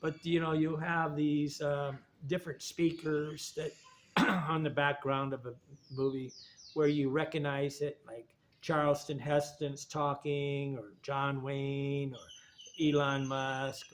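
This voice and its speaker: A man with a somewhat high voice talks in a loose, wandering monologue. He often drops a sentence halfway and starts it again. A faint hum of ambience sits behind him. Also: flat delivery, slow. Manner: digressive, restarts sentences. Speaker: video essayist. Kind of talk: rambling spoken monologue.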